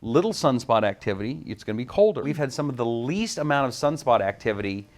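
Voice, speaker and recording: A man who hosts a talk show on the radio sits as a guest and tells animated stories. He slips in and out of the voices of the people he quotes. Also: medium pitch, fast. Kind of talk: storytelling in an interview.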